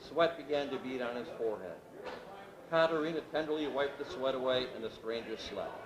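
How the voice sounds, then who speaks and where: A man reading his novel aloud at a literary event, with steady, measured narration. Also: mid-range voice, a crowd in the background. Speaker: author reading his work. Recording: echoey room with background noise.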